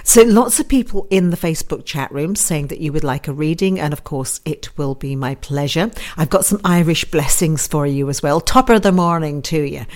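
A woman's voice: sits low, moderate pace, few pauses, darkish tone. A woman hosting a live online radio show, chatting in a rambling, self-deprecating way as she greets listeners. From United Kingdom. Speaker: radio host and psychic advisor. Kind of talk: casual live radio chat.

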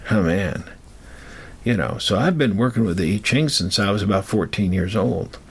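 Brief: man with a low, gravelly voice, rambling personal storyteller. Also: a little hiss or hum. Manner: rambling, halting, with many fillers.

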